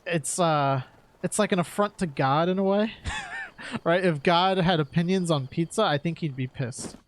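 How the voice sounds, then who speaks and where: A man's voice: fairly high pitch, moderate pace. A man from New York chatting casually while streaming, rambling with lots of "like" and "right?" and frequent laughs.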